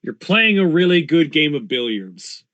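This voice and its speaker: A man running a tabletop game as game master, narrating in a relaxed, easygoing way. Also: a little high, unhurried, highs cut off.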